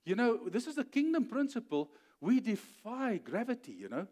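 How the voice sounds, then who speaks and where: A male pastor with a high voice preaches in an animated storytelling way. He acts out the voices of the figures, keeps checking in with his listeners, and builds to forceful, emphatic peaks. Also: moderate pace. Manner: checks in with "okay?" often. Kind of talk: sermon.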